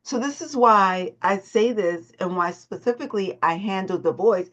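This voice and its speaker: A woman's voice: mid-range voice, moderate pace, a bit bright. A woman leading a motivational morning call, emphatic and repeating her phrases. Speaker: host and voice coach. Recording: dull lo-fi call audio.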